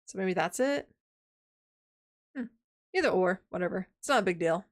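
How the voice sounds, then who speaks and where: A woman's voice: lowish voice, animated, moderate pace. A young adult woman streamer chatting casually and reading game text aloud, chatty and self-mocking with loose slang.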